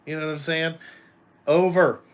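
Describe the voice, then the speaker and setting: A trucking company owner who vlogs chats casually and live with his viewers, speaking bluntly, swearing often and rambling from topic to topic. His voice is a little high, with fairly even intonation at normal speed.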